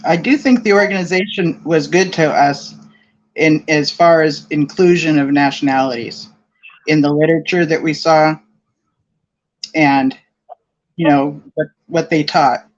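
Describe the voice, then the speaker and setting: Enthusiastic host with a dull recording. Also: female voice, sits low, a little slow. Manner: enthusiastic, affirming. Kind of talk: casual group chat.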